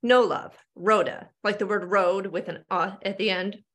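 A woman's voice: medium pitch, steady tone, moderate pace, lightly acted. A woman reading aloud and voicing a chatty, motherly older woman who dotes on a stranger in a crooning way. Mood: doting. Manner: crooning, doting, calls everyone love.

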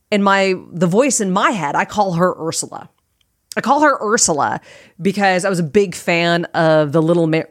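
A woman's voice: fairly low pitch, dry recording, clean studio sound. A woman hosting her own podcast as a life coach, talking earnestly and casually, often repeating phrases for emphasis. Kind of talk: casual solo podcast talk.

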